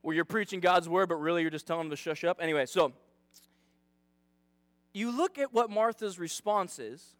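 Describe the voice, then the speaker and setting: A man's voice: high voice, animated, normal speed, pauses often, fairly bright tone, no room sound. A man preaching a casual sermon as a youth pastor, chatty and self-deprecating, dramatizing the story as he talks.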